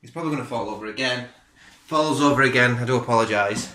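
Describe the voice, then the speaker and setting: A man's voice: medium pitch, fast talker, bright, forceful tone, a little hiss or hum. A middle-aged man, reviewing beer in a chatty, rambling, self-deprecating way, recorded at home on a camera mic. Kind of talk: casual video review. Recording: roomy home room echo.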